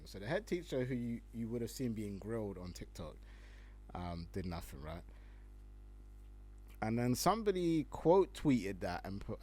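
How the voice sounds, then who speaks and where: A man's voice: mid-range voice, big pitch swings, moderate pace. A young man from the UK, hosting a casual solo podcast, slangy and laughing often as he reads out tweets. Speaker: podcast host.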